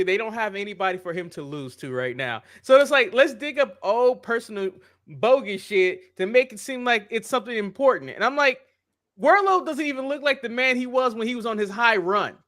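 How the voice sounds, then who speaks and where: Um homem, co-apresentador de podcast, em conversa descontraída, reclamando com exasperação e hesitando. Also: male voice, extremely high pitch, expressive, brisk, fairly bright tone. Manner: exasperated ranting, restarts. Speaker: podcast co-host. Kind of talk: casual chat.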